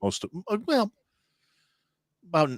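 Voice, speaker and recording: A man's voice: a little high, huge pitch swings, measured pace, dry recording, clean studio sound. A man from Illinois, a chef guest on a podcast, telling stories in casual chat and acting out quoted lines. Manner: storytelling, acts out loud quotes.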